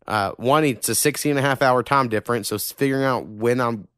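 A man's voice: medium pitch, a little fast, fairly bright tone, clear, resonant tone, no echo, clean studio sound. A young man from Oklahoma, hosting a podcast in loose, profane, filler-heavy chat. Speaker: podcast host. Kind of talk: casual chat.

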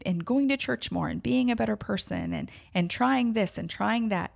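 A woman's voice: on the low side, vocal fry. A woman hosting a podcast, telling a personal story in a candid, emotional way with self-deprecating laughs. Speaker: podcast host.

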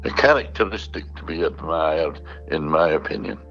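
A man reading a family letter aloud, slowly and deliberately. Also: a bass voice, vocal fry, a bit bright, faint music behind. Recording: dull lo-fi recording.

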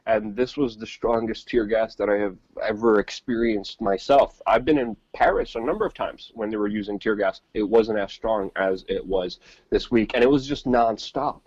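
Brief: husky-voiced male co-host, dry lo-fi remote line, rambling casual delivery. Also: fairly low pitch, expressive, normal speed, darkish tone, no room sound. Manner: rambling, repeats words, many fillers. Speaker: podcast co-host reporting from the field. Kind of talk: casual live-stream chat.

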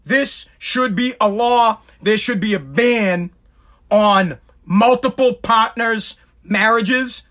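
A man's voice: sits high, slow pace, a bit bright. A man hosting a podcast from home, delivering a mocking, exasperated comedic rant and often breaking into laughter. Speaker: podcast host.

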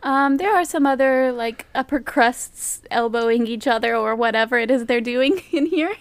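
A woman narrating a tabletop role-playing game as game master, playful and quick to laugh. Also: a little high, smooth, no echo. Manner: giggly, playful, frequent laughter.

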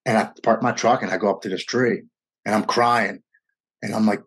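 A man's voice: lowish voice, fairly even intonation, normal speed, vocal fry, a bit bright, slightly rough. A man in his forties telling a personal recovery story in conversation, earnest and emotional, often stumbling and restarting his words. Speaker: guest sharing a recovery story.

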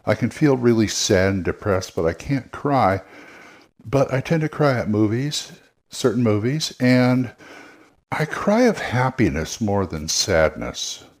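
A man's voice: fairly low pitch, animated, a little slow. A man hosting a podcast, talking casually and rambling with many restarts. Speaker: podcast host, game master.

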